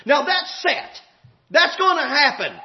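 A man preaching a sermon, impassioned and shouting at times, drawing out emphatic phrases. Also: very high-pitched, big pitch swings, a little slow. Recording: echoey, dull hall recording.

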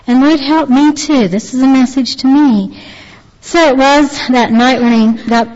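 A woman earnestly retelling a religious testimony as a lay preacher, halting and restarting her sentences. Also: high voice, steady tone, a little mellow. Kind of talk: devotional storytelling. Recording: long reverb, dull lo-fi sound.

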